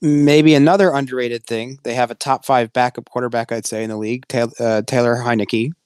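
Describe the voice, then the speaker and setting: A man's voice: medium pitch, fairly even intonation, darkish tone, clear, resonant tone, no room sound, clean studio sound. A young man hosting a casual sports podcast, keeping the talk on schedule and reading out draft picks. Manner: brisk, steers the talk, reads out picks. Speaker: podcast host running the segment.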